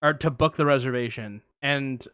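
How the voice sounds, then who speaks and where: A young man co-hosting a podcast, telling a long story in casual chat, animated, acting out quotes and swearing freely. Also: medium pitch, normal speed, clear, resonant tone, dry recording. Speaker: podcast co-host.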